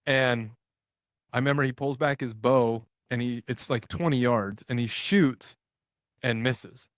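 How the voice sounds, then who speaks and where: Man, podcast guest, casual storytelling, animated, acts out the scenes, middle pitch, dry close mic. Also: measured pace, no room sound. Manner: animated, retells scenes with quoted dialogue and filler "like".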